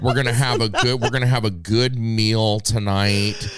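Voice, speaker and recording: A man on a podcast, retelling a story in a lively way and acting out what people said. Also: fairly low pitch, normal speed, a loud crowd. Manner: lively retelling, acts out quotes. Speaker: podcast co-host. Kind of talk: casual storytelling chat.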